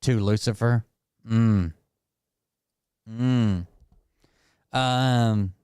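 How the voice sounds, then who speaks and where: A man's voice: fairly low pitch, steady tone, drawn-out words, darkish tone, smooth, no room sound, studio quality. A man doing casual, sarcastic live-stream commentary, mocking and swearing as he reacts.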